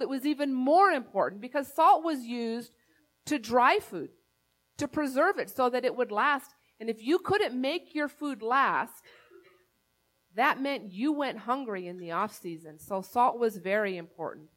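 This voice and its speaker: A woman pastor delivers a sermon with a bright, high voice. She speaks in a conversational, earnest way, weaving a personal story into her preaching.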